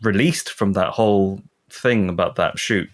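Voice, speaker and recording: A man's voice: deep voice, measured pace. A man co-hosting a podcast, chatting casually and playfully, with the odd joke voice. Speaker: podcast co-host. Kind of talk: casual chat.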